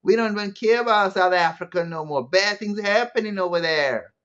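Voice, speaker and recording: A man's voice: sits high, fairly quick, a bit bright, highs cut off, voice pushed up. A man voicing a showy Afrikaner man back from America, in a breezy put-on American accent with slang.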